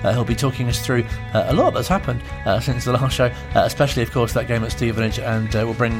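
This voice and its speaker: Male local radio host, quick, hesitant delivery, music underneath. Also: mid-range voice. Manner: hesitant, many uhs.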